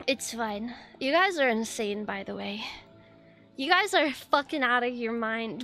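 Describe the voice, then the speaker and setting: A woman's voice: sits high, animated, a little slow, pushed and bright, soft background music. A young woman streamer chatting casually, flustered and rambling, swearing often. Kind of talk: casual live-stream chat.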